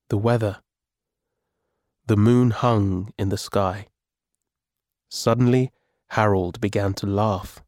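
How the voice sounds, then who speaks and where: A man reading a story aloud as its narrator, calm and measured. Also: fairly low pitch, dry recording, studio quality.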